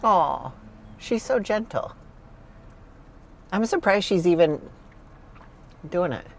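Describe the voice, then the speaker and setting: A young woman vlogger chatting casually, excitable, laughing often and gushing over her pets. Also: lowish voice, takes it slowly, slight background noise. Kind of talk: casual vlog chat.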